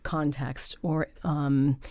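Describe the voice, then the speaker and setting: A woman who runs a voice-over and translation business, talking about her work as a podcast guest in an enthusiastic, animated way. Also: sits low, dry recording, studio quality. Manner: enthusiastic, animated, talks fast when excited. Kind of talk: casual conversational interview.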